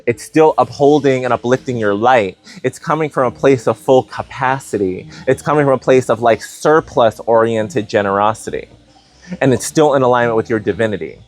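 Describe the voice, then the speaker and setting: A man giving a casual spiritual tarot reading, animated and playful, thinking aloud with lots of "like" and "you know". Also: medium pitch, moderate pace. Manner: animated, playful, many fillers like "like". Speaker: tarot reader.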